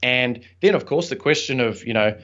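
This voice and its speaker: A young man speaking as an interview guest, recounting a personal story with an earnest, reflective tone and a casual, filler-sprinkled delivery. His voice sits at a middling pitch for a man. The audio is slightly dull and lo-fi. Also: lively intonation, moderate pace, a bit bright. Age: young adult. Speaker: podcast guest, entrepreneur and author.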